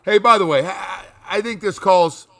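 Male sports radio host, high bright voice, lively chat. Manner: animated, quick to imitate others. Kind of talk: casual sports talk.

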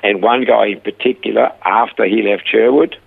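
Gravelly man with a phone-like sound. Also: on the low side, moderate pace. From Australia. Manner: animated storyteller, acting out quoted dialogue. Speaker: Christian rehab founder, interview guest. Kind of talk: storytelling interview. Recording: narrow phone-like radio audio.

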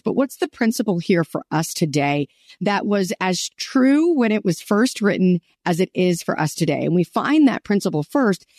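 A woman's voice: fairly low pitch, a little mellow, dry recording, studio quality. A woman hosting a faith interview, enthusiastic and teacherly, often affirming her guest. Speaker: podcast host.

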